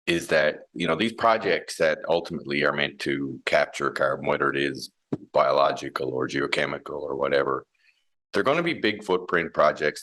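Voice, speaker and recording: A man's voice: rumbling low, bright, forceful tone. A man who heads a mining company, explaining his ideas in a thoughtful interview with many restarts and fillers. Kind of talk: conversational interview.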